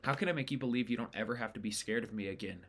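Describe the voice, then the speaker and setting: A man reading the lines of a remorseful teenage boy in a quiet, pleading way. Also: mid-range voice, very fast, a little hiss or hum, close to an everyday voice. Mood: earnest.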